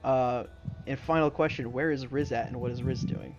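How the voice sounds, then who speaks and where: A man running a tabletop game as game master, relaxed and hesitant, on a dull lo-fi recording. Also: mid-range voice, normal speed, music in the background. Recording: dull lo-fi sound.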